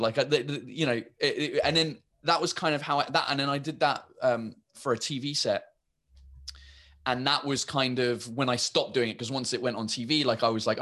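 A man's voice: mid-range voice, normal speed, a bit bright. An English man, a stand-up comedian, chatting in an interview and rambling with many restarts and fillers. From England. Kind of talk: casual interview chat.

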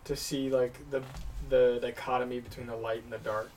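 A man co-hosting a casual show, adding short, deliberate remarks to the recap. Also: mid-range voice, little pitch movement, darkish tone, far from the mic, low-quality recording.

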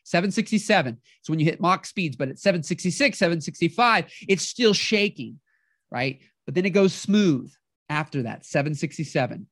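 Animated motivational podcast host. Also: mid-range voice, normal speed, no echo, clean studio sound. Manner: animated, acts out inner voices, keeps asking "right?".

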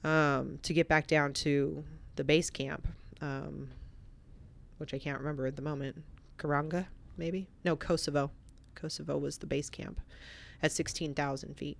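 A woman with a notably deep voice recounts a personal story as a podcast guest. She talks casually, sometimes lively and sometimes hushed and reflective. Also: normal speed, vocal fry. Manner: animated, vivid storytelling that turns quiet and reflective.

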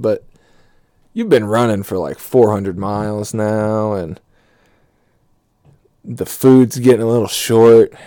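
A man's voice: on the low side, dark tone, dry recording, studio quality. A young man riffing through a profane comedic monologue, swearing freely and laughing at his own jokes.

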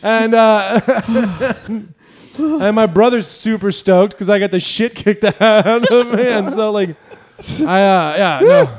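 Speaking slowly in a high-pitched voice, a Mississippi man co-hosting a podcast swaps childhood stories in casual chat. He laughs a lot as he tells them and swears freely.

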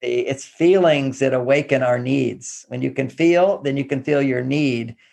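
A man's voice: medium pitch, a little slow, creaky, darkish tone. A man from Texas, a therapist and relationship author, talking casually and animatedly, often acting out quoted phrases. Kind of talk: casual advice talk.

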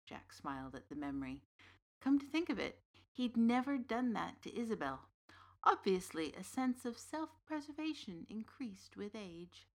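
A woman narrating a fantasy story in a measured, scripted way. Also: medium pitch, expressive.

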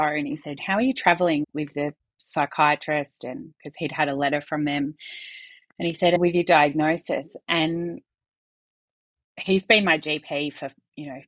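A woman's voice: sits low, a bit bright, no echo. A woman, a podcast guest talking candidly in earnest bursts with some restarts.

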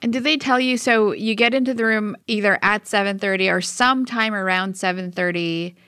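A woman's voice: mid-range voice, fairly quick, sharp tone, clear, resonant tone, dry recording, clean studio sound. A woman interviewer who sums up the story before asking probing follow-up questions. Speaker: interviewer host.

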